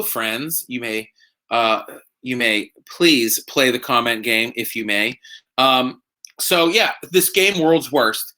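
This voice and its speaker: A man's voice: mid-range voice, bright, forceful tone. A man hosting a casual live stream from home, tipsy from drinking, rambling and joking with lots of fillers. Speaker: host.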